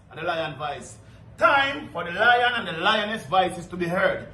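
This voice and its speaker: A man's voice: high voice, expressive, moderate pace, bright, forceful tone. A man delivering a rhythmic, declamatory chanted station drop. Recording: echoey, off-mic with faint ambience.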